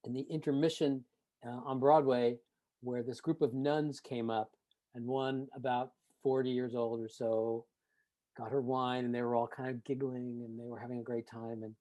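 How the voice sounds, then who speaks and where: Man with a mellow, darker voice, amused anecdote. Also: mid-range voice, flat delivery, normal speed.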